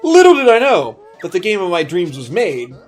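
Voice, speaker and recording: Rambling joking man, lively pitch. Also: moderate pace. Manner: rambling, joking, swears freely. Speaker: let's play co-host. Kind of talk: casual gameplay commentary. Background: game music.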